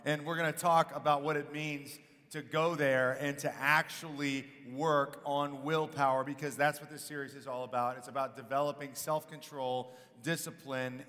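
A man preaching a sermon in a relaxed, conversational way, with fillers and restarts. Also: mid-range voice. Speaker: pastor. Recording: echoey hall.

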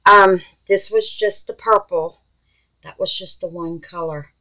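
A woman chatting through a crafting vlog, gushing and excitable, calling her viewers babies and y'all, dropping from squeals to hushed murmurs. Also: medium pitch, measured pace, low-quality recording. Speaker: resin crafter, channel host.

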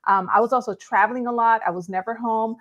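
A woman's voice: on the high side, fairly even intonation, fast talker, fairly bright tone, highs cut off. A woman from Los Angeles, a real estate agent and guest, talking in an upbeat, chatty way. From Los Angeles, California. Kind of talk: casual interview.

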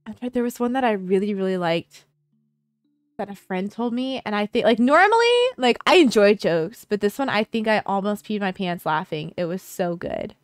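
A woman's voice: medium pitch, animated, normal speed, no echo, studio quality, faint music behind. A young woman hosting a casual streamed interview, bubbly and giggly, often exclaiming with delight. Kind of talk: casual chat. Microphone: home streaming microphone.

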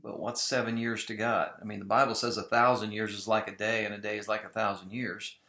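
A man's voice: fairly low pitch, little pitch movement, fairly quick, sharp tone. A man talking casually and with strong opinions in a commentary vlog about Bible prophecy, often mimicking other people mockingly. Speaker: video blogger on Bible prophecy. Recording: roomy echo.

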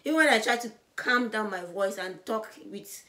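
Woman, vlogger, loud and bubbly, high voice, mid pitch. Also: lively intonation, moderate pace. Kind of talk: casual vlog to camera.

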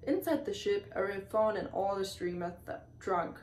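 Woman haltingly reading a storybook. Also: on the low side, steady tone, a little mellow. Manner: halting, with stumbles and restarts on words. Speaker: reader. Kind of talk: reading a children's storybook aloud. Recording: echoey room, far from the mic, faint hiss.

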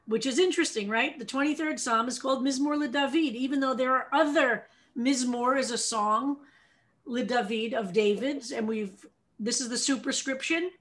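An American woman rabbi teaching a text study class, explaining lively and asking her students questions. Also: high voice.

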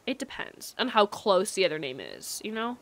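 A woman's voice: mid-range voice, huge pitch swings, normal speed. A woman livestreamer chatting casually with her chat while gaming, rambling and filling her talk with likes and ums.

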